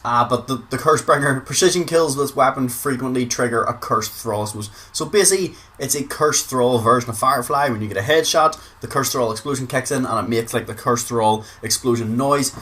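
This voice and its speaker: A man's voice: mid-range voice, fairly quick, few pauses, sharp tone. A man with a Northern Irish accent giving casual gaming commentary, chatty, swearing freely and repeating words for emphasis. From Northern Ireland. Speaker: gaming video creator.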